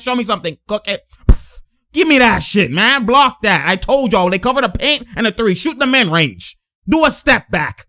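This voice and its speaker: A man giving loud, laughing, slangy commentary as he reacts to game footage. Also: very high voice, dry recording, clean studio sound. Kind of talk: excited live reaction commentary.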